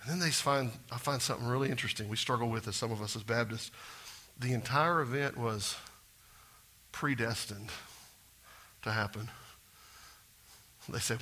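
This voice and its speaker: Middle-aged man, pastor mid-sermon, bright, forward tone, animated, moving from quiet asides to loud emphasis. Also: medium pitch, moderate pace, long pauses. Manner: animated, swings between soft asides and loud exclaiming.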